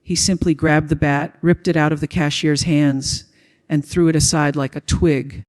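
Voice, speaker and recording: A man reading a first-person dramatic story as a storyteller, in a steady, even way. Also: on the high side, moderate pace. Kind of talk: scripted first-person narration.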